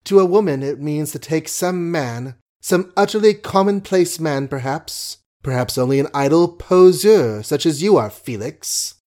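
A proud, wounded young society lady, read by a man in a raised, mellow voice. She talks eagerly and fast, with defiance under the words, as in an old storybook. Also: fairly high pitch, animated, pitched above the performer's own voice. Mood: weary. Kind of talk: audiobook reading.

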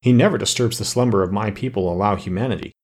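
Easygoing sleep-fairy king, husky; a man puts him on. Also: on the low side, fast, a little mellow, natural voice. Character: mild, drowsy male king of sleep fairies.

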